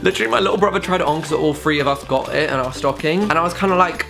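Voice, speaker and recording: Brief: camp young vlogger, sassy asides, squeals, music bed underneath. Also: male voice, fairly high pitch, animated, rapid-fire, gravelly, hardly any pauses, fairly bright tone. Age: young adult. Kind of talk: casual haul vlog. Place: bedroom with studio light. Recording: music playing behind the voice.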